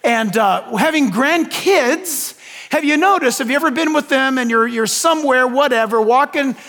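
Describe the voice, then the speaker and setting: Expressive and moderately paced, an older pastor whose voice is unusually high for a man and a bit bright gives a sermon. He asks questions of the room and tosses in homey asides, all echoing through a large hall with a long tail.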